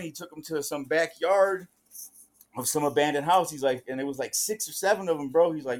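A man recounts old street encounters in loose podcast talk, sprinkling "bro" through his lines. His voice sits a little high for a man. He slips into the voices of the people he quotes. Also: fairly quick. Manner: profane street slang, says "bro" often; acts out quoted voices in the stories. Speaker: podcast guest or co-host. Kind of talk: casual storytelling chat.

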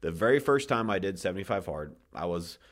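A man with a deep, animated voice hosts a podcast at a brisk clip. He talks casually and passionately, swears often and restarts his sentences, and grows emotional while telling his story.

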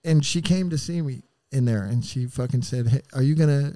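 A man telling his rough story on a podcast, with an average pitch and a bluntly profane, animated way of talking. His voice is close and dry, with no room echo. He jumps into quoted voices as he retells what happened. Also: a little fast. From San Diego area. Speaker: podcast guest. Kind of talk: candid storytelling.

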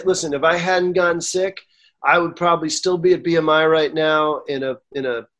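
Higher-pitched man telling his story. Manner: animated, acts out quoted dialogue; gets emotional. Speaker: songwriter guest. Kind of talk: storytelling interview.

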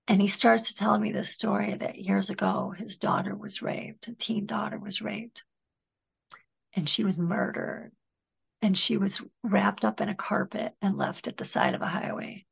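A woman guest speaker telling a story in an interview, often dropping to a soft whisper. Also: medium pitch, creaky, husky, poor audio. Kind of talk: conversational interview.

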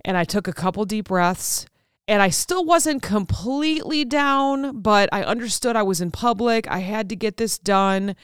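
Candid woman with a smooth, dry voice. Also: medium pitch, moderate pace, no echo. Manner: candid and conversational, with frequent fillers. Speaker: podcast host. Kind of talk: personal storytelling.

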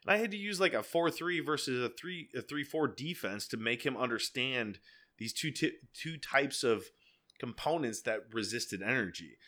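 A man's voice: mid-range voice, lively intonation, moderate pace, sharp tone. A man in casual chat who explains things by breaking them down, often restarting his sentences.

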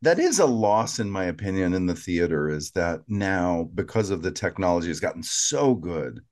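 A man with a fairly low voice, co-hosting a relaxed podcast. He is middle-aged and recaps scenes like a storyteller, lingering over small details. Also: normal speed. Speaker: podcast co-host. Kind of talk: casual podcast chat.

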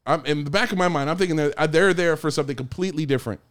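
A man casually telling a story among friends, animated, swearing a lot and acting out the quotes. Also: a little high, racing.

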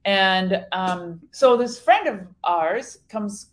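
A middle-aged woman co-hosting a faith podcast, telling a story in lively casual chat and acting out what people said. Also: medium pitch, extremely slow. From Iran. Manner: animated storytelling, acts out quoted speech. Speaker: podcast co-host.

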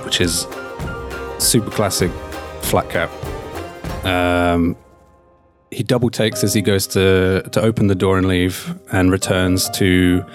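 A man's voice: low voice, fairly even intonation, takes it slowly, music in the background. A man playing a tabletop role-playing game, describing his character's actions with hesitant fillers. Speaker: player.

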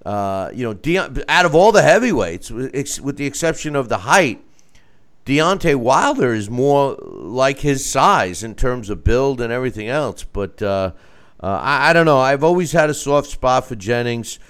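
A man's voice: medium pitch, sing-song, normal speed, fairly bright tone, clear, resonant tone. A man chatting casually about boxing, asking questions and stammering into restarts. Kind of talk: casual sports discussion.

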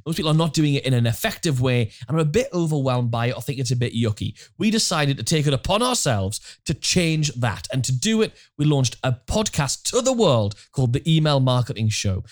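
A man's voice: medium pitch, a little fast, few pauses. A man co-hosting a marketing podcast, talking in a casual, jokey way and often repeating words as he gets going. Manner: animated, jokey, repeats words when starting. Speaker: podcast co-host.

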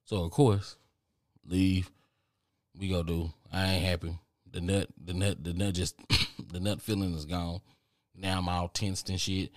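A man hosting a podcast, telling a rambling, profane story in a casual, animated way. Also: low voice, unhurried, pauses often, no echo, clean studio sound. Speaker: podcast host.

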